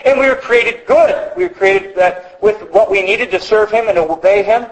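A man's voice: high voice, moderate pace, poor audio. A man preaching a sermon as pastor, teaching earnestly and repeating key phrases for emphasis.

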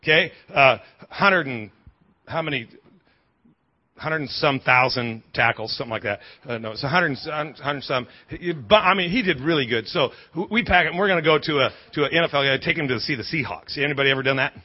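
A man's voice: medium pitch, a little fast. A male pastor telling a story in a sermon, chatty, with frequent restarts and questions to the congregation. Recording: slightly dull recording.

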